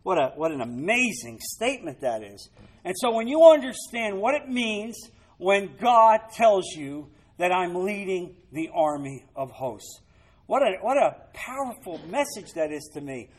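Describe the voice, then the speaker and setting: On a low-quality recording, a male pastor preaches a little slowly in a high-pitched voice with big swings in pitch. He reads from scripture, then bursts into dramatic asides aimed at the congregation, rising to loud emphasis.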